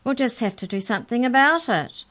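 A woman voicing a gruff, booming male giant who cooks pies, talking bluntly. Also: lively intonation, fairly quick, fairly bright tone. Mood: grim. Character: big gruff giant pie cook man.

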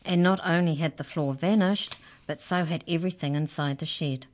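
A woman hosting a radio storytime, reading a children's book aloud in an expressive, gentle way. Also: sits low, moderate pace. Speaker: storytime reader on community radio.

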